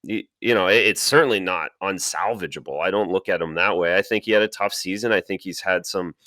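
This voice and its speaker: Podcast co-host, a man with a low, crisp voice, stammering through casual hockey talk, dry sound. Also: brisk, bright, forceful tone, dry recording. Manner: stammers and restarts, repeats words. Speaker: podcast co-host, former player.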